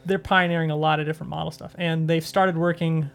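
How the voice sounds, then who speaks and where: High-voiced gravelly guest chatting. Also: male voice, flat delivery, faint music behind. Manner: chatty, laughs often, quick asides. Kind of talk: casual podcast chat.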